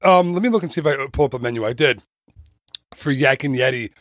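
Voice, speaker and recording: A man's voice: mid-range voice, fast talker, a bit bright, no room sound, clean studio sound. A man co-hosting a travel podcast in casual chat, joking and often restarting his sentences. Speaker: podcast co-host.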